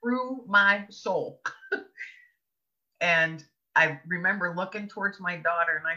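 An author appearing as a podcast guest tells a personal story earnestly, laughing between thoughts. Her lowish voice is bright and forceful, and she speaks slowly with long pauses, on dull lo-fi audio.

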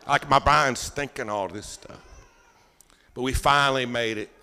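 A man pastor preaching a sermon as a folksy, animated storyteller. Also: mid-range voice, measured pace, clean tone, long reverb tail. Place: church sanctuary.

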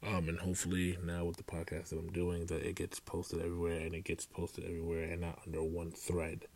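A man's voice: sits low, monotone, fairly quick, creaky, darkish tone. A young man rambling through a casual solo podcast, with many fillers and restarts. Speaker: podcast host.

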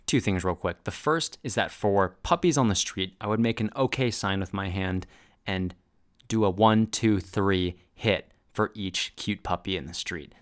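A man narrates over a recording of his own stage role, looking back on each choice with candid, self-deprecating humor. His voice is lowish and smooth. He speaks as a relaxed voice-over commentator. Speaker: actor recalling his stage performance.

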